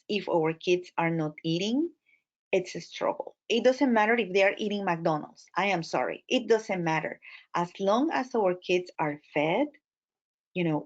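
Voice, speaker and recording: Latina woman trainer with a Spanish accent, low-pitched, expressive storyteller, muffled lo-fi recording. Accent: Latin American Spanish. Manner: expressive, animated storytelling with many fillers. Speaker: immigrant advocate and trainer. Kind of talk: training talk. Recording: muffled lo-fi audio.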